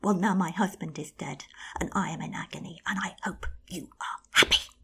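A woman's voice: on the low side, steady tone, moderate pace, creaky, bright, forceful tone, husky, exaggerated voice. A woman voicing a grieving, furious queen of the underworld who wails and shrieks in self-pity. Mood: bitter.

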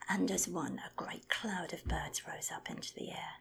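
A woman telling an animal fable in a whispered, expressive storytelling voice. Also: on the low side, normal speed, gravelly. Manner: lively, expressive narration.

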